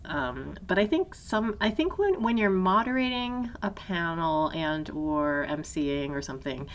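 A woman co-hosting a podcast in casual conversation, thoughtful and hesitant, restarting sentences and laughing often. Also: sits low. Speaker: podcast co-host.

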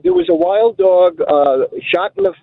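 A man's voice: sits high, huge pitch swings, moderate pace, gravelly. A man from Long Island calling in to a radio show, telling a rambling story with a wry humor. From Long Island, New York. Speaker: caller. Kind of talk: phone-in conversation. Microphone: telephone. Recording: tinny phone line.

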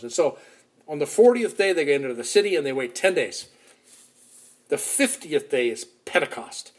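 A man preaching a sermon, retelling a Bible story in a lively storytelling manner with shifting loudness. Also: a little high. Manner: animated storytelling, shifting loudness, acts out quotes.

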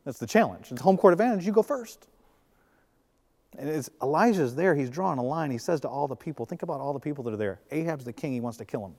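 A man's voice: on the high side, expressive, fast talker, a little mellow. A male pastor giving a sermon in a conversational way, with jokes and acted-out quotes. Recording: long reverb of a large hall.

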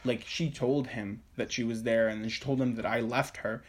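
A young man tells a story on a podcast, speaking at a middling pitch. He talks from his room at home, swears freely and slips into the voices of the people he quotes. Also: fairly even intonation, normal speed. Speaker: podcast co-host. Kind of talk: casual chat.

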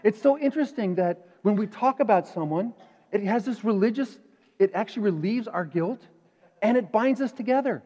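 A male pastor preaching a sermon in a conversational, animated way, asking the congregation questions. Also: sits high, normal speed. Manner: animated, acts out inner voices. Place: church sanctuary. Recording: dull reverberant church hall.

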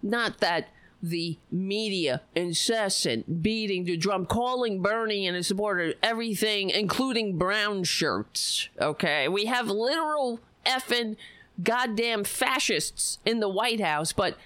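A woman's voice: mid-range voice, measured pace, dry recording. A woman hosting a live stream, giving casual political commentary with a lot of swearing and sarcasm. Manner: profane, animated, sarcastic.

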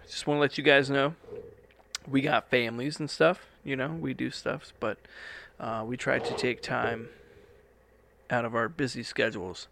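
A man's voice: mid-range voice, fairly even intonation, moderate pace, vocal fry, fairly bright tone, slight background noise. A young man hosting a podcast from a studio, rambling casually and swearing now and then. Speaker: podcast host. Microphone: studio microphone.

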